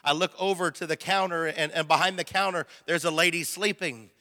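A man preaching a missionary testimony as a sermon, telling his story with high-strung, excitable energy. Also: fairly quick. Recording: long hall reverb.

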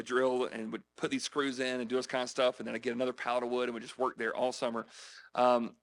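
A man's voice: mid-range voice, a bit bright. A man from South Carolina, preaching in a chatty style, telling personal stories and checking in with the audience. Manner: chatty, frequent "right? okay?" check-ins with listeners. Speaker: preacher teaching on evangelism. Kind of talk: conversational sermon with personal stories.

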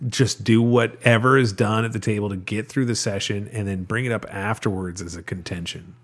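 A man's voice: on the low side, fairly even intonation, brisk. A man in casual chat, giving earnest, emphatic advice with some laughter.

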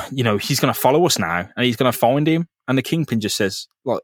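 A man's voice: mid-range voice, expressive, fairly quick, no echo, studio quality. A man co-hosting a podcast in casual comic chat, swearing freely and acting out characters with a laugh. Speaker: podcast co-host.

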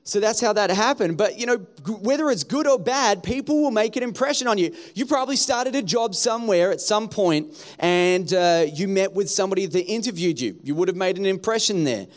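A man's voice: sits high, animated, fairly quick, few pauses. A man, preaching a sermon as pastor and acting out the townspeople he quotes.

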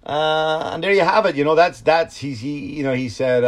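A man's voice: a little high, brisk. Sarcastic Irish man doing a comedic monologue. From Ireland. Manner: sarcastic, profane, rambling. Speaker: podcast host.

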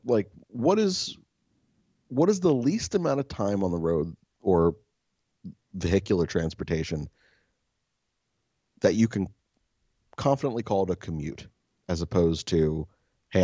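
Young guy cohosting a podcast, kinda husky, lowish voice, swears a lot and jokes on himself, muffled dry sound. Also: a little mellow, no room sound. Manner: profane, joking, self-mocking storyteller. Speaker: podcast co-host. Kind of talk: casual chat.

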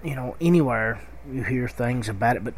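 A man's voice: medium pitch, expressive, a little fast, slight background noise. A middle-aged man with a Kentucky accent, telling a rambling story in a casual podcast monologue. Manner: rambling, conversational, with many fillers and restarts. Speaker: podcast host.

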